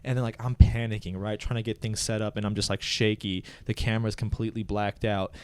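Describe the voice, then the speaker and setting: A man on a casual comedy podcast, telling a long work story with lots of swearing and loud bursts of laughter. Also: fairly low pitch, fast, smooth. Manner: animated storyteller, swears freely, laughs loudly at his own story.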